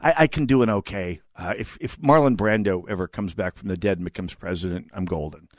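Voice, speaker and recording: A man's voice: low-pitched, brisk, no room sound, studio quality. A man in his fifties hosting a talk radio show, delivering an opinionated monologue that rambles off on tangents and restarts his words. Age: 50s.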